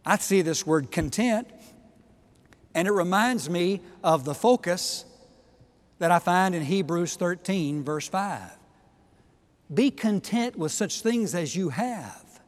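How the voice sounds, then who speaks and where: A man preaching a sermon, emphatic, swinging from quiet asides to loud exhortations. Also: high-pitched, expressive, takes it slowly, in a large hall. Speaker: pastor.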